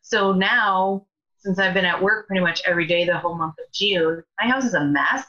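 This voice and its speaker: A middle-aged woman chatting in an animated way as a caller, sharing a story of thanks. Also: on the low side, normal speed, dull audio. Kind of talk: casual testimony.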